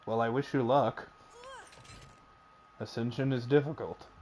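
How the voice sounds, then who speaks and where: A male streamer chatting casually over his game from a home setup. He jokes around and drops profanity freely, speaking at an ordinary middle pitch into a desk microphone with a faint hiss behind him. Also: steady tone, unhurried, a little mellow. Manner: joking, swears freely. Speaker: streamer host.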